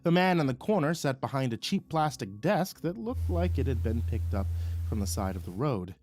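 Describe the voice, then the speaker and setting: A man reading a first-person story aloud in an expressive, dramatic way. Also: mid-range voice, moderate pace. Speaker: narrator.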